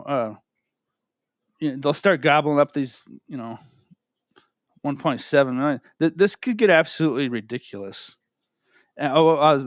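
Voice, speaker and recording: A man's voice: mid-range voice, dry recording, clean studio sound. A man giving casual, rambling talk to camera from home, often asking "right?" and repeating himself. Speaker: crypto video host. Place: home room with a cat.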